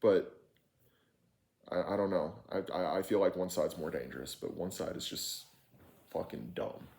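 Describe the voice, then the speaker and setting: A man's voice: sits low, moderate pace, darkish tone. A man telling a frustrated, candid story in a casual, rambling way, swearing freely and restarting his sentences often. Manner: rambling with frequent fillers and restarts. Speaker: vlogger recounting an experience.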